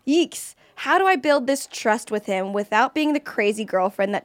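Chatty young woman, higher voice. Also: lively intonation, moderate pace, hardly any pauses, dry recording. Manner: chatty, frequent "like", laughs easily. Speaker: co-host. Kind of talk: casual podcast chat, reading listener questions.

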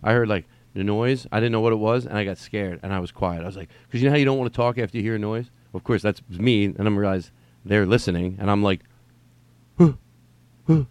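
A man's voice: fairly low pitch, fairly even intonation, fast talker, a little mellow, no echo. A man hosting a solo podcast from home, talking in a rambling, digressive way, swearing and repeating himself. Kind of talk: rambling casual monologue. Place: at home during quarantine.

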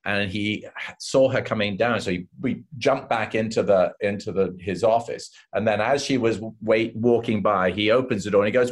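An older English man, an actor guest, telling animated stories in an interview and acting out the voices of the people in them. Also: mid-range voice, normal speed, hardly any pauses. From England. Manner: animated anecdotes, acts out voices of others. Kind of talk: casual interview storytelling.

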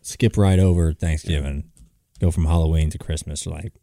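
A laid-back man co-hosts a casual podcast, hesitating with frequent fillers. His deep voice is gravelly and dark. It is recorded dry and close on the mic. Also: fairly even intonation, moderate pace, no room sound. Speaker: podcast co-host. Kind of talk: casual chat.

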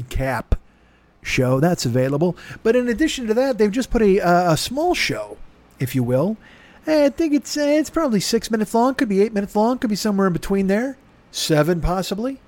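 Male podcast host, a touch high-pitched, rambling and self-mocking, swearing freely, recorded dry and close. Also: no room sound. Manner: profane, self-mocking, talks in circles. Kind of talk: rambling comedic monologue.

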